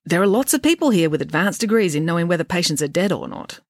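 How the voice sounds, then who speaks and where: Relaxed young sidekick, read by a woman: easygoing, matter-of-fact, low storybook voice. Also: fast, no echo, clean studio sound. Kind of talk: storybook reading.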